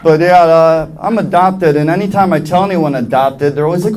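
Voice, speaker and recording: A man's voice: a little high, brisk, few pauses, some chatter behind. A young man from New York doing a stand-up comedy routine on a club stage, acting out other people's voices as he tells his jokes. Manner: animated, acts out voices of others. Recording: live club with audience laughter. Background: audience laughing.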